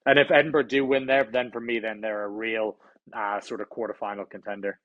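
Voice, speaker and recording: A man's voice: on the low side, flat delivery, fairly quick, no room sound, phone-quality sound. A man from Ireland co-hosting a rugby podcast, giving his picks in casual chat and hedging with "I think". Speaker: podcast co-host.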